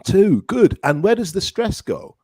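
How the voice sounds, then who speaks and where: A man hosting an English teaching podcast, encouraging his student, praising often and drilling words slowly. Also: high-pitched, sing-song, dark tone, husky, no echo, clean studio sound.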